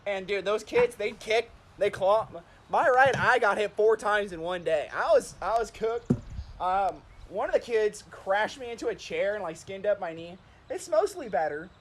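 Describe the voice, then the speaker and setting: A man's voice: sits high, lively intonation, normal speed, a little hiss or hum. A man chatting on a stream, telling stories in a rambling way, with lots of "like" and laughing at himself. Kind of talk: casual storytelling chat.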